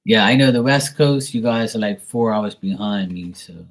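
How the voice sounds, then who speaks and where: A man's voice: fairly low pitch, moderate pace, slight background noise, poor audio. Loose, swearing man on a livestream. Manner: loose and profane, heavy on fillers like "like". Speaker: tarot reader hosting a livestream. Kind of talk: casual livestream chat.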